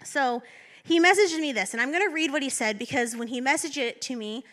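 A woman's voice: high voice, fairly quick, fairly bright tone. A woman assistant pastor giving a candid, self-deprecating sermon as she tells a personal story.

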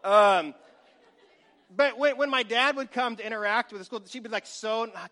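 A man in his forties preaching a sermon, telling lively stories and acting out little scenes, sometimes dropping to a whisper. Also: sits high, unhurried, pauses often, some chatter behind. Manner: animated storytelling, acts out scenes, drops to a whisper. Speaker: pastor.

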